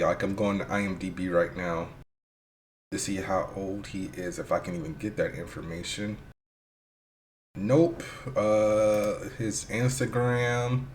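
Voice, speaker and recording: A man with a somewhat low voice hosts a solo podcast in a loose, rambling way. He thinks out loud as he goes, leans on fillers and drops casual curses. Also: slight background noise. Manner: hyped, shouty intro. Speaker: podcast host.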